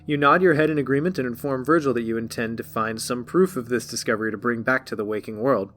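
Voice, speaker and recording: Man narrating in a measured storybook voice. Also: medium pitch. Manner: measured, even storybook reading. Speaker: podcast narrator reading a campaign guide. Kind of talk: scripted narration of a card game story.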